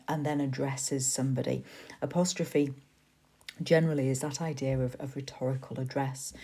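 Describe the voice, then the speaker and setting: A woman with a low, mellow voice gives a recorded literature lesson. She explains patiently and thinks aloud, pausing with fillers and restarting her sentences as she goes. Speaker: teacher. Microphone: tablet voice-over recording.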